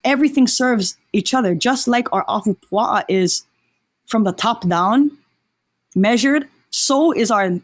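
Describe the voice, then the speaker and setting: A woman's voice: on the high side, unhurried, no room sound. A woman from Oahu, a podcast guest talking in an earnest, reflective way and often restarting her sentences. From Oahu, Hawaii. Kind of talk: reflective casual conversation.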